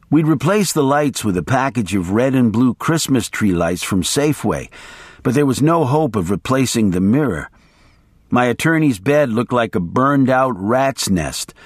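Man reading an audiobook, lively, dry. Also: medium pitch, no echo. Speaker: audiobook narrator.

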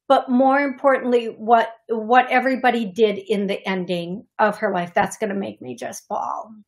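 Chatty high-voiced woman radio medium. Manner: chatty, emotional, warm-hearted, uses fillers. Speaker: psychic medium radio host. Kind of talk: call-in reading on radio. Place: radio studio.

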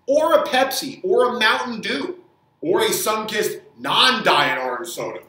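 A man's voice: high-pitched, big pitch swings, moderate pace, pushed and bright, distant mic. A man who works as a fitness trainer, giving an angry, profane opinion rant with many stumbles and repeated words. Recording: echoey room, voice off mic.

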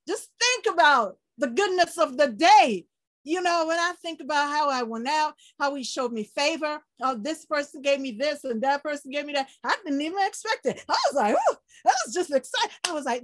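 High-pitched lady giving a casual online sermon, laughs a lot, goes loud then quiet, dry mic. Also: brisk, dry recording. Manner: lively, laughing, swings between shouts and low murmurs; quotes people in acted voices. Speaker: preacher.

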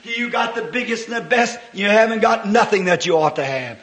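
High, bright-voiced man preaching passionately. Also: expressive, brisk. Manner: impassioned preaching that swings from hushed to sudden shouts; folksy, homespun phrasing. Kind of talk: sermon. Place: church service with congregation. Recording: echoey old church sermon recording.

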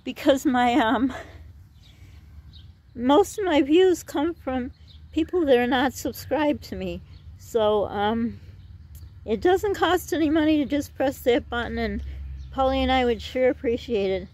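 A woman's voice: high voice, expressive, measured pace, darkish tone. A middle-aged woman chatting in a rambling way while gardening outdoors for her vlog, out of breath. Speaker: vlogger.

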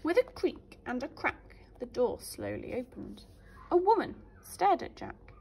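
Teacher lady reading a fairy tale to little kids, high n sing-songy. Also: unhurried, gravelly. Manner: animated, sing-song storytelling. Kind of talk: storybook reading for young children.

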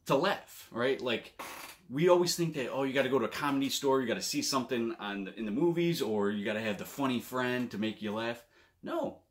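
A young man giving a casual, rambling self-help talk at home, sometimes acting out quick greetings in a livelier voice. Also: mid-range voice, fairly bright tone. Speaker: vlogger.

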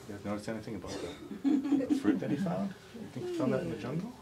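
Playful man reading to kids, very lively pitch. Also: quick pace. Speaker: author reading his picture book. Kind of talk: children's story reading. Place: bookstore, indoors. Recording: distant mic, noisy bookstore.

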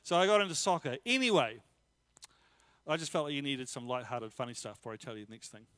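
A man preaching a casual sermon, telling personal stories in a lively, joking way. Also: mid-range voice, quick pace, no echo. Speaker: pastor.

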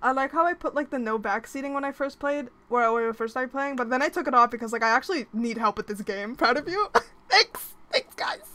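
Panicky high-pitched young woman streamer. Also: brisk, pushed and bright. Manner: panicky shrieks and pleading, swearing, laughing. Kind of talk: live gameplay commentary. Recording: game music behind the voice. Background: game music and sound effects.

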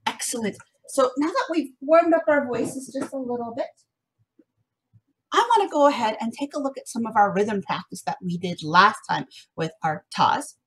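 A young woman teaching a music lesson to small children from home, her voice bright and sing-song. Her pitch sits fairly high and swoops widely. Her tone carries a slight huskiness. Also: slightly rough.

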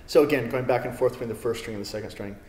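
A man giving a relaxed classical guitar lesson, with many fillers as he talks. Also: mid-range voice, racing. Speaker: guitar teacher. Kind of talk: video lesson. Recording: roomy studio with long reverb. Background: classical guitar playing.

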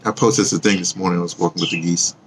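A man's voice: deep voice, steady tone, fast, background noise. A man talking casually to viewers in a rambling monologue, restarting sentences often and teasing them with questions. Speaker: vlogger and audio drama producer.

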